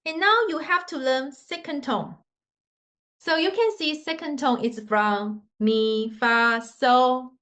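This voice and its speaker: A woman's voice: sits high, animated, a little slow, fairly bright tone, dull audio. A woman teaching a Mandarin lesson in simple non-native English, patiently demonstrating tones with sung scales. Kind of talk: online language lesson.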